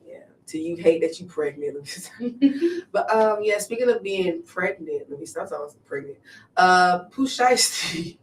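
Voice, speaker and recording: A woman's voice: on the low side, animated, measured pace, a little hiss or hum. A woman co-hosting a casual chat show, chatty and full of questions, often trailing off and restarting. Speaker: podcast co-host. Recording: echoey room, distant mic.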